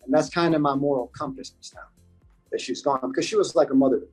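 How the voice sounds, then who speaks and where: Man, somewhat high voice, husky, earnest podcast guest, faint music behind. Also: steady tone, fast talker, darkish tone, poor audio. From United States. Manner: earnest, circles back and repeats points for emphasis. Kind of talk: casual interview talk.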